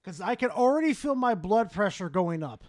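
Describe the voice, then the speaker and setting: A streamer picking apart a game video with exasperated, profane complaints. The pitch swings widely, and the sound is dry and close with no room echo. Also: big pitch swings, normal speed, a little mellow. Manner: exasperated, swearing, critical. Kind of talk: profane reaction commentary.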